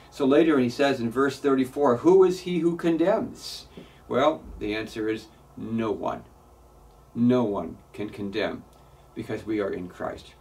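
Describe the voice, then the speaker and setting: A pastor delivers his sermon in church with earnest, emphatic conviction, sometimes stumbling over repeated words. His voice sits at an ordinary middle pitch for a man. He is heard from a little way off the microphone. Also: a little slow, gravelly, darkish tone, recorded from a distance.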